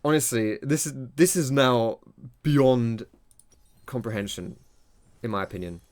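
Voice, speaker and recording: A man's voice: mid-range voice, expressive, a little slow, no room sound. A young man commentating his own gameplay live, self-critical and rambling, with casual slang and swearing. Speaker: gaming streamer.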